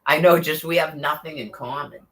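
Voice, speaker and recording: A man's voice: a little high, steady tone, a little fast, rough recording. A man telling a long, rambling story in casual chat, cursing freely and leaning on "like" and other fillers. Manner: rambling, profane, full of fillers.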